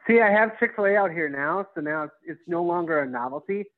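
A man's voice: on the high side, fast, dry recording, narrow, tinny audio. A man from Wisconsin co-hosting a podcast, joking around in casual, chatty talk. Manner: jokey, chatty. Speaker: podcast co-host. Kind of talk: casual chat.

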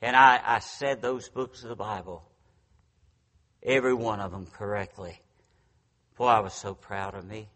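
Slow folksy preacher in an echoing hall. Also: male voice, lowish voice, steady tone, a bit bright. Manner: folksy, self-deprecating storytelling. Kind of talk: storytelling sermon. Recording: long reverb from a large hall.

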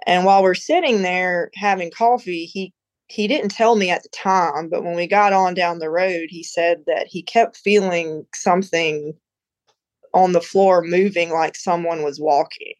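Woman guest on a podcast, lowish voice, rambly chatty storyteller, lots of "you know"s. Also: steady tone, measured pace, no echo, low-quality recording. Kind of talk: casual storytelling.

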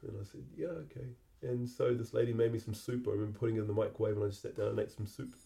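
A middle-aged man, hosting a podcast and telling a personal memory in a halting, reflective way that often repeats words. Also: fairly low pitch, flat delivery, vocal fry, dark tone. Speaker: podcast host.

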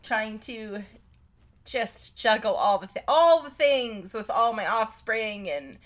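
A woman's voice: on the high side, animated, slow. A woman co-hosting a podcast, casual and giggly, a bit stuffy and tired. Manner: giggly, laughs often. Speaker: podcast co-host. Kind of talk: casual chat.

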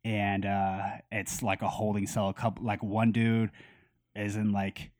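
Young guy on a podcast, lowish voice, animated swearing storyteller, dry close mic. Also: a little slow, no room sound. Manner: animated storyteller, swears freely, acts out quotes. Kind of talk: casual storytelling chat.

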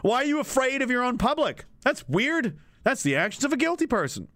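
A man's voice: very high voice, brisk, no echo. A man streaming and reading chat, ranting casually with lots of swearing and frequent laughter. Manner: animated, laughs often, swears freely. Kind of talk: casual profane rant.

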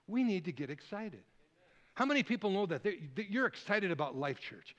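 A man preaching a sermon, rambling and lively, calling out questions to the congregation. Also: high-pitched, moderate pace, muffled recording. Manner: lively, rambling, audience call-and-response. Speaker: guest preacher.

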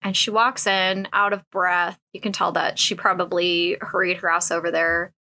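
Bright, frank-talking woman host. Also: lowish voice, little pitch movement, moderate pace. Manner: frank, crude, laughing, lots of fillers. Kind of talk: casual comedic commentary.

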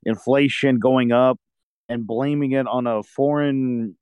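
A man's voice: medium pitch, steady tone, measured pace, darkish tone, clean tone, no room sound. A man calling in to a talk show, rambling and stumbling over his words. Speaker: caller. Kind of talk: phone-in caller talk.

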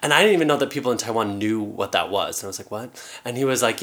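A man, co-hosting a podcast in casual chat, playful and quick to laugh while telling stories. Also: on the low side, a bit bright. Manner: playful, laughs often, storytelling. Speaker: podcast co-host.

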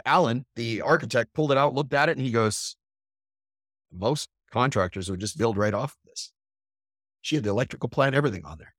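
A man hosting a podcast in a casual monologue to his camera, blunt and profane, animated and emphatic. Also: mid-range voice, dry recording, studio quality. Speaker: podcast host. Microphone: computer camera at a desk.

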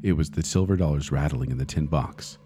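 A man podcast host reading a spooky children's story aloud in a deliberate manner that builds suspense. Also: extremely low pitch, over music.

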